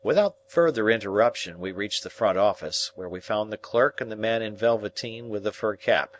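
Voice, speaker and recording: A man narrates a classic novel in a measured, even reading. His voice sits on the low side. A steady audiobook delivery. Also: slight background noise.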